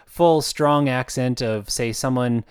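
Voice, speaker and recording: A man's voice: mid-range voice, takes it slowly, clear, resonant tone, dry recording, clean studio sound. A man who narrates his own audiobooks, talking in a casual, rambling way with frequent fillers and restarts. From United States. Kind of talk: casual spoken monologue.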